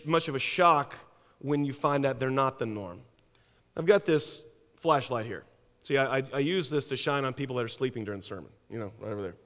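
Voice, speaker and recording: A man's voice: mid-range voice, fairly bright tone, in a large hall. A man preaching a sermon, telling stories animatedly with frequent stammered restarts. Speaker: pastor.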